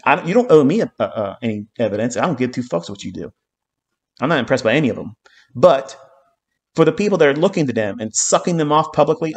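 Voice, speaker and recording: A man's voice: on the high side, animated, fast talker. A man teaching trading on a live stream, swearing often and hammering his points home with repeated phrases and "okay?". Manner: heated, profanity-laden ranting with repeated phrases.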